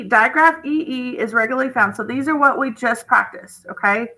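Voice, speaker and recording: A woman's voice: fairly high pitch, normal speed, few pauses, pushed and bright, poor audio. A woman, teaching a recorded phonics lesson in a chatty, encouraging way and often checking in with "okay?".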